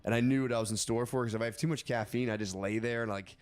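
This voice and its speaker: A man's voice: mid-range voice, fairly even intonation, very fast, clear, resonant tone. A young man telling a long story in casual chat with friends, rambling, swearing, often laughing and restarting his sentences.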